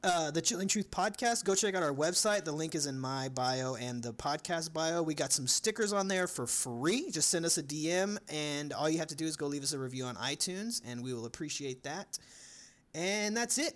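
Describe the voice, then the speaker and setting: Animated joking podcast host from Louisiana. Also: male voice, on the high side, moderate pace. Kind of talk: casual podcast banter.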